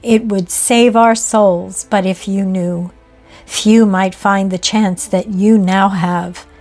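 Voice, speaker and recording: A woman voicing a yearning male ghost, speaking in a soft, beseeching, urgent way. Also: mid-range voice, fairly even intonation, takes it slowly, soft background music.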